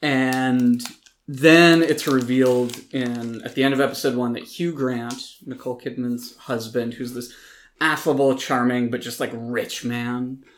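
A man co-hosting a casual podcast, giving animated, opinionated reviews with frequent ums and restarts. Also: medium pitch, a little slow, a little hiss or hum. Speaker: podcast co-host reviewing films and TV. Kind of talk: casual chat.

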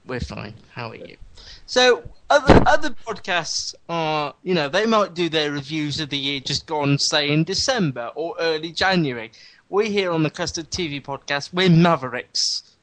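A man's voice: fairly high pitch, lively intonation, normal speed, fairly bright tone, dry recording, low-quality recording. A man hosting a casual podcast, wry and rambling, enthusing about television with his co-hosts. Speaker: podcast host.

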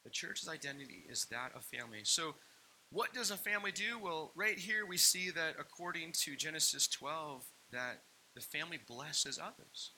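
Bright-voiced man preaching a sermon. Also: fairly high pitch, lively intonation, normal speed, a little hiss or hum, low-quality recording. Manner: storytelling with playful asides and voiced quotes. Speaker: pastor. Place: church hall.

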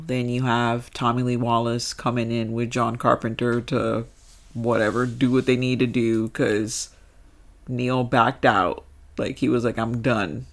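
A man co-hosting a podcast, rambling and joking about a movie, his voice jumping up when he gets excited. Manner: rambling, jokey, swings into excited highs. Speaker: podcast co-host. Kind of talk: casual movie discussion.

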